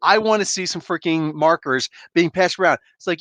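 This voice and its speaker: A man's voice: on the high side, moderate pace, a bit bright, dry recording, highs cut off. A man casually reviewing comics on a live stream, loose and joking, laughing often and swearing a bit.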